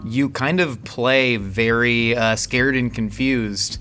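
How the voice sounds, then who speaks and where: A man hosts a relaxed food interview, joking and teasing between descriptions of the dish. His voice sits at a middling pitch. Music runs faintly beneath the talk. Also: slow. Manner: playful, jokey, describes the dish. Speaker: host. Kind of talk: casual interview over food.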